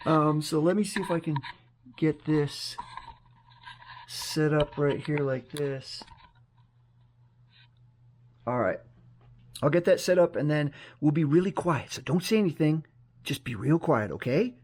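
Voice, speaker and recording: A hoarse man chatting casually to his vlog camera at home, rambling and talking himself through each step. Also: a little high, measured pace, pauses often, darkish tone. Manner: chatty, rambling, self-talk. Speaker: vlogger. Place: room at home. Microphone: action camera on a mini tripod.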